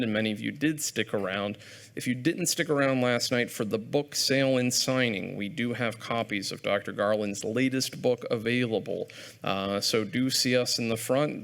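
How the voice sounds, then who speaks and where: A man hosting a live lecture event, making chatty, self-deprecating announcements to an audience in a hall. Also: medium pitch. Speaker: event host and program organizer.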